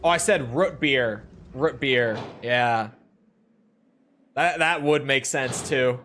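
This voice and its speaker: A man's voice: medium pitch, takes it slowly, a bit bright, a little hiss or hum. A man streaming a game, chatting casually and laid-back with viewers. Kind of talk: casual chat while playing a game.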